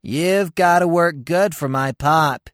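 A man's voice: fairly high pitch, slow pace, a bit bright, no room sound, studio quality. A man voicing a stout, spoiled American boy who is blunt and rude, in a raised childish voice.

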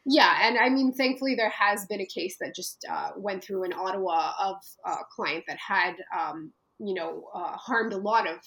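Woman, interview guest, earnest, halting, lots of fillers, mid-pitched voice. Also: a bit bright, low-quality recording. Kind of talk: personal storytelling in a conversation.

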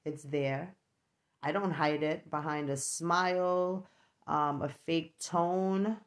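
A middle-aged woman with a strong New York accent talks slowly and openly to her viewers. Her voice sits low with a gravelly edge, and she keeps asking "right?" as she goes. She laughs easily between thoughts. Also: steady tone. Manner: chatty, frank, peppers talk with "right?". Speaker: vlogger and mother. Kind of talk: casual reflective talk to camera.

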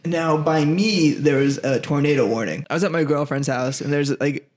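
A man's voice: fairly high pitch, moderate pace, a little mellow. Laughing young man on a podcast. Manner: laid-back, rambling, laughs often. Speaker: podcast co-host. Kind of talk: casual podcast chat.

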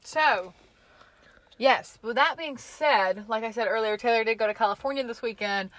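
A young woman, co-hosting a podcast with quick, teasing reactions. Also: on the high side, a bit bright, dry recording. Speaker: podcast co-host. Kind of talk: casual chat.

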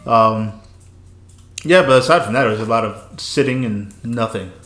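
A man's voice: medium pitch, normal speed, fairly bright tone, roomy sound. A man co-hosting a podcast, chatting casually and tossing in dry, teasing quips. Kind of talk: casual chat.

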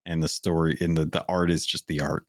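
Man, very low voice, dry recording, podcast co-host, measured casual talk. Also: level tone, no room sound. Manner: thoughtful, measured, with many restarts and fillers. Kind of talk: casual chat.

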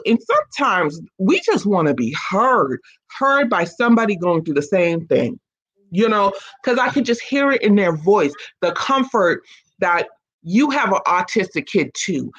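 A woman with a medium-pitched voice, recorded with a muffled sound, chats casually as a guest. She's an autism mom telling her story with energy and acting out the voices of the people she quotes.

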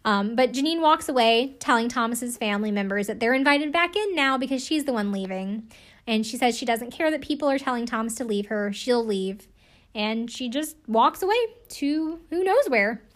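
A woman's voice: on the high side, animated, a little fast, fairly bright tone. Chatty woman recapping, swears freely. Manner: chatty, profane, laughing, lots of "like". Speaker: show recapper. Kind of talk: casual reality-TV recap.

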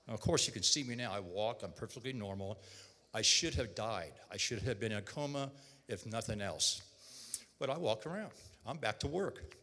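A man's voice: on the low side, expressive, normal speed, pushed and bright. A man telling his own story as a church testimony, emotional, repeating himself and acting out what others said to him. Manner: emotional, repeats words, quotes others in dialogue. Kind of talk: personal testimony. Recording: long hall reverb.

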